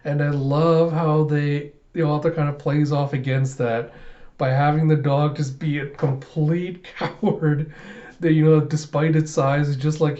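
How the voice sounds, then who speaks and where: A man's voice: a little high, steady tone, measured pace, mellow. A young man hosting a casual reaction video, chuckling often and filling with uhs. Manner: chuckling, many fillers. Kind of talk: casual chat. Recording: slightly muffled lo-fi audio.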